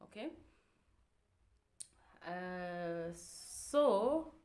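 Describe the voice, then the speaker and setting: A woman's voice: fairly low pitch, animated, extremely slow, darkish tone. A young Kenyan woman telling a personal story to her viewers, candid and emotional, with frequent fillers. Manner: candid, code-switching, emotional. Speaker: vlogger. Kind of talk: casual storytelling to camera.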